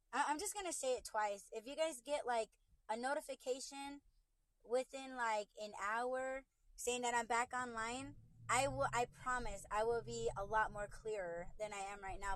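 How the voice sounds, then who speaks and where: A woman's voice: on the high side, dry recording, low-quality recording. A woman hosting a podcast livestream from her car on a phone, talking bluntly with lots of swearing and going over the same points again and again. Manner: blunt and profane, repeats herself. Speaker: podcast host. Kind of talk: casual livestream rant.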